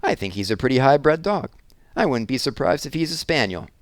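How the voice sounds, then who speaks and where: A man voicing an earnest young boy who pleads and apologizes, his voice lifted higher than his narration. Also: very animated, a little fast, dry recording, clean studio sound, close to an everyday voice. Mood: eager.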